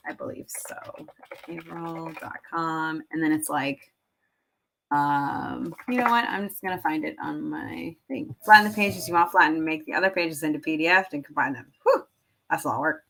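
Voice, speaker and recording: Rambling woman with a lowish voice. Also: expressive, a little slow, creaky, a bit bright, a little hiss or hum. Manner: rambling, filler-heavy, laughs at herself. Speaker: teacher and online seller. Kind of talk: casual screen-share tutorial.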